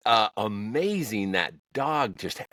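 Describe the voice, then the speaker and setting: A man's voice: on the low side, sing-song, takes it slowly, bright, forceful tone, dry recording. A man co-hosting a podcast, chatting casually and reacting to stories with short exclamations. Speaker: podcast co-host. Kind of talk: casual chat, listening and reacting.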